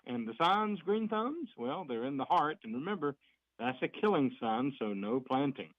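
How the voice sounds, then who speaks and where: A man's voice: medium pitch, big pitch swings, normal speed, dry recording. A man giving a folksy, chatty community report on a morning radio show. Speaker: fire district reporter on radio. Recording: dry, dull lo-fi radio sound.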